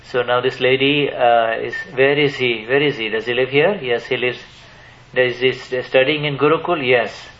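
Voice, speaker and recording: Man, spiritual teacher at a live Q&A, halting delivery full of restarts, dull lo-fi recording. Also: medium pitch, fairly even intonation, fairly bright tone. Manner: hesitant, many restarts, asks the audience questions. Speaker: spiritual teacher answering questions. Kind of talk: spiritual Q&A talk to a live audience.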